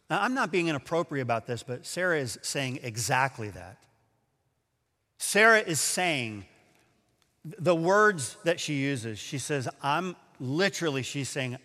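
A man preaching a sermon, telling a story and acting out the quotes with lively energy. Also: a little high, unhurried, in a large hall. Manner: animated storyteller, acts out quotes. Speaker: pastor.

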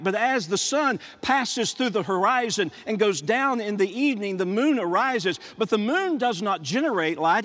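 Male pastor, high-pitched, emphatic preaching with hushed drops, church hall echo. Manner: emphatic preaching with repetitions and dramatic drops to near whisper. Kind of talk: sermon.

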